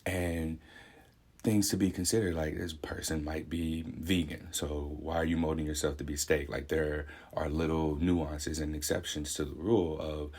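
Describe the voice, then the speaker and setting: A man's voice: extremely low pitch, level tone, moderate pace, darkish tone, husky. A young man speaking a candid, reflective personal monologue in a conversational way, thinking aloud. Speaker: vlogger.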